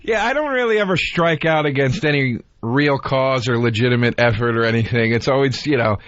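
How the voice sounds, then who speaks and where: A man's voice: medium pitch, fairly quick, no echo. Man telling a story, dry and dull. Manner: storytelling, loud when quoting people. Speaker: comedian co-host. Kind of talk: casual podcast chat.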